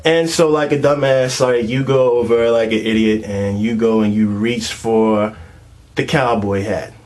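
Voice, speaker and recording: A man's voice: medium pitch, steady tone, unhurried, a little mellow. A young man telling a crude, comedic rant full of street slang and constant fillers.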